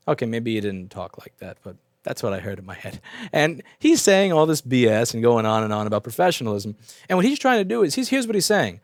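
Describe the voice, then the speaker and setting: A man's voice: mid-range voice, sing-song, brisk, dry recording, clean studio sound. A man who owns a repair shop and hosts the channel, speaking in a casual opinion rant. He is blunt and profane and repeats himself as he talks.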